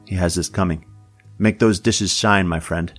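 A man with a deep voice playing a menacing male hitman who threatens and is quick to take offense, in a storybook reading. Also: fairly even intonation, husky, soft background music. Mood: cold.

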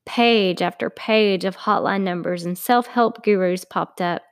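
A woman's voice: mid-range voice, measured pace, few pauses. A woman, author and narrator reading her own story in a friendly, chatty way.

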